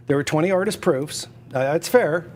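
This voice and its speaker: A man's voice: a little high, moderate pace, a little mellow. A man hosting a live online auction, talking at a computer in repetitive, pushy salesman patter with stammered restarts. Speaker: auctioneer and livestream host. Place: indoors at a computer.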